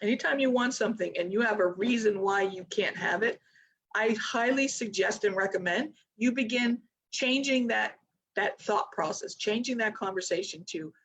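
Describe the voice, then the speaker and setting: A woman trading mentor talking casually to a live online audience in an energetic, motivational way, with chatty asides. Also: mid-range voice, normal speed, husky. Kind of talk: casual live-stream talk.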